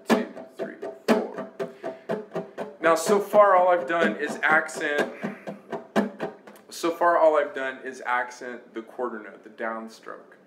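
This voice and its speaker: A man gives a laid-back guitar lesson, counting beats aloud as he strums. His voice sits in an echoey room, and his guitar rings out loudly beneath it. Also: medium pitch. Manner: relaxed, talks while playing, counts beats aloud. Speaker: guitar teacher. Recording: roomy sound with loud guitar. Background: his own guitar playing.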